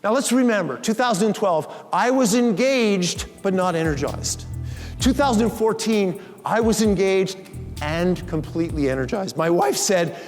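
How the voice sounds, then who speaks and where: A man's voice: high voice, a little slow. A middle-aged man telling a story as a motivational keynote speaker and acting out the lines he quotes. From Canada. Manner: animated, acts out the lines he quotes. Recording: reverberant hall with faint music.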